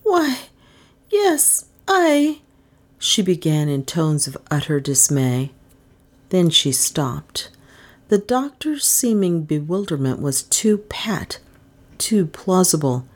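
A woman narrates a novel in a low, deep register. Her reading is measured, with a lively, rolling melody. She gives the characters light voices of their own. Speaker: audiobook narrator.

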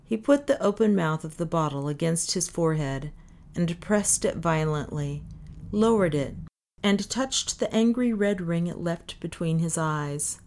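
A woman narrating a story as an audiobook, in a measured, even reading. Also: on the low side.

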